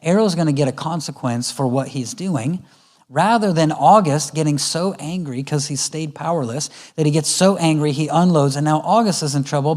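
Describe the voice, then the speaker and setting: A man's voice: a little high, darkish tone. A middle-aged man giving a conversational parenting talk at a church, acting out family dialogue. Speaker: guest speaker. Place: church auditorium.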